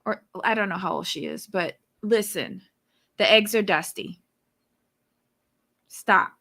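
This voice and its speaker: A woman's voice: medium pitch, slow, creaky, pushed and bright. A woman co-hosting a reality TV recap show, talking in a sassy, blunt way and exclaiming at the cast. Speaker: podcast co-host.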